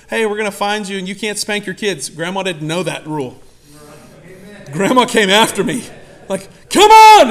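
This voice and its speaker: A man preaching a sermon in an animated, conversational way, often acting out quotes. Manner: animated, conversational, acts out quotes with sudden loud high voices. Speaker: pastor.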